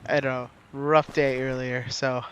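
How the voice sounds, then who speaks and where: A man streaming a game in casual commentary, chatting, reading game text aloud and breaking into bursts of excitement. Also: mid-range voice, a little slow, clear, resonant tone, no room sound. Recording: muffled recording with faint noise.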